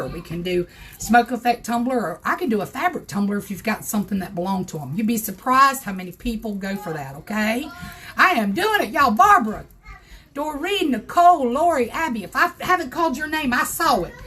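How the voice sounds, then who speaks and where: Hoarse, high-voiced Southern woman, folksy. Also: a bit bright. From South Carolina, USA. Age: older. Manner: chatty, folksy, greets viewers by name. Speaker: crafting livestream host. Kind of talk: casual livestream tutorial. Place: home craft room.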